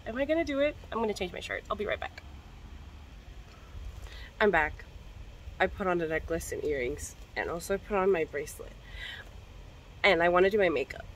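A woman's voice: lowish voice, expressive, fairly quick, pauses often, slight background noise, poor audio. A young woman vlogger in casual chat to camera, slangy and profane, coughing now and then. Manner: chatty, slangy and profane, coughing between hits.

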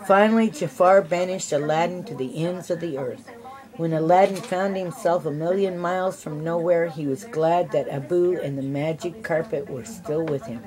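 An older woman reading a children's storybook aloud, adding gentle asides for the listening kids. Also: sits low, moderate pace, poor audio. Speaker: storybook reader.

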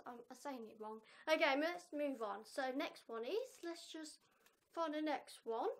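A woman's voice: high voice, animated, measured pace. A woman vlogging in a casual, rambling, chatty way, often repeating herself. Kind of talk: casual chat to camera.

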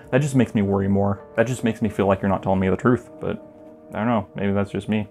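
A man's voice: lowish voice, steady tone, brisk, creaky, a little mellow, faint music behind. A man recapping a manga in a casual, joking way, full of rambling asides. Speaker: video essayist reviewing a manga.

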